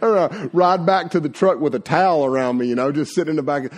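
A man preaching a sermon to young people, telling homespun stories in a folksy, animated way full of filler words. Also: fairly high pitch, fast. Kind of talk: sermon with personal storytelling.

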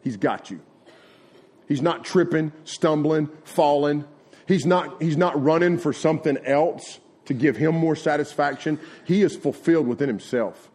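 This middle-aged pastor has a slightly high, darkish voice and a measured pace. Weaving personal storytelling into a folksy, conversational sermon, he acts out the dialogue of conversations he recounts.

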